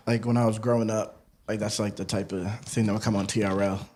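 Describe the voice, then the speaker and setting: Easygoing New England co-host who laughs a lot. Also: male voice, lowish voice, level tone, fairly quick, a little mellow. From New Hampshire. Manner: laughs easily, easygoing banter. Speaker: podcast co-host. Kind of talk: casual podcast chat.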